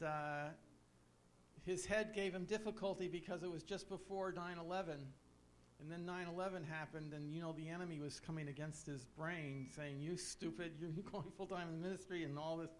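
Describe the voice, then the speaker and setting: A man's voice: on the high side, a little hiss or hum. Fervent man introducing a preacher. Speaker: pastor. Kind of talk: sermon introduction. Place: church before a congregation.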